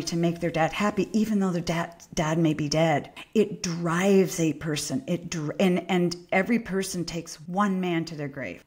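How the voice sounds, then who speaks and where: A woman who is a parenting expert and an interview guest, speaking emphatically and passionately, with quick restarts. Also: on the low side, a little mellow. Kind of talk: conversational interview.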